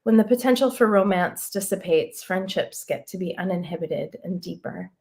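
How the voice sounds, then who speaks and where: A woman author reading a prose excerpt aloud in a measured, reflective way. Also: fairly low pitch, a little mellow.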